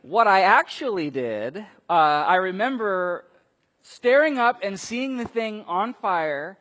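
A man preaching a sermon, telling stories and acting out quotes with sudden loud bursts. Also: sits high, slow. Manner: animated storytelling, acts out quotes with big swings in loudness. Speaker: pastor. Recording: long reverb of a large hall.

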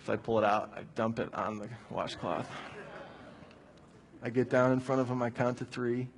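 A man's voice: medium pitch, fairly even intonation, normal speed, noisy background. A man preaching a sermon, telling a personal story in a conversational way before drawing his point from it. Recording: long hall reverb.

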